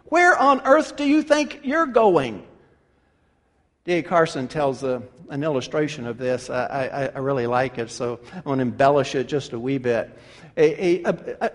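A man's voice: sits high, long reverb tail. A man preaching a sermon, explaining scripture conversationally with frequent restarts. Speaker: pastor.

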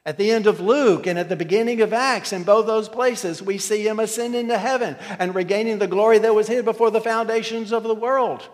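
A man with a high voice delivers an emphatic sermon and keeps putting rhetorical questions to his listeners. His voice rings out with a long reverb, as if recorded in a large hall. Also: fairly even intonation, brisk, hardly any pauses. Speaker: preacher.

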